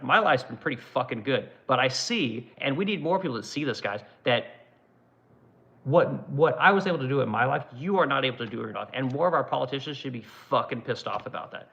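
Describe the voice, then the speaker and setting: A man's voice: mid-range voice, gravelly, fairly bright tone. A middle-aged man hosting a woodworking livestream, ranting angrily with heavy swearing and frequent "right?" tag questions. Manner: angry, profane, repetitive "right?". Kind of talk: profane livestream rant. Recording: dull lo-fi sound.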